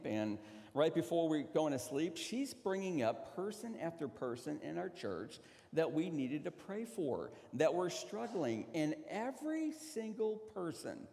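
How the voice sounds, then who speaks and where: A man preaching a sermon as a pastor, telling a story dramatically and swinging from loud to hushed. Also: a little high, vocal fry, big-room sound. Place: church sanctuary.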